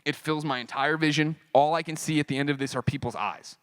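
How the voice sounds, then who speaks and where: Man telling a raw story, fairly high voice. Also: fast talker, clean tone, no echo. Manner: animated, profane, acts out quoted dialogue. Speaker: convention panel speaker. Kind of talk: personal storytelling on stage. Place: convention panel stage.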